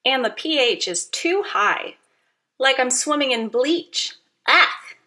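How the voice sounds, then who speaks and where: A woman's voice: sits high, lively intonation, slow pace, sharp tone, exaggerated voice. A woman voicing an adventurous female trout who frets and exclaims about her water in a storybook reading. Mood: disgusted. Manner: fretful, exclaiming, picky.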